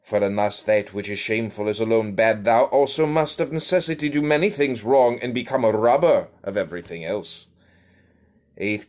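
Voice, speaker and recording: A man reading archaic philosophy aloud in a put-on English accent, measured and declaiming. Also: mid-range voice, close to an everyday voice. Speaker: reader.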